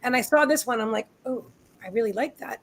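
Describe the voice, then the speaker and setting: A high-pitched woman chatting on a live video stream from her home. She tells stories in a rambling, friendly way, full of restarts and asides, with the easy tone of a regular co-host. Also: a little fast, low-quality recording. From United States. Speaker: co-host of a live psychic reading show. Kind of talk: casual live-stream chat. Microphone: webcam on a live video stream.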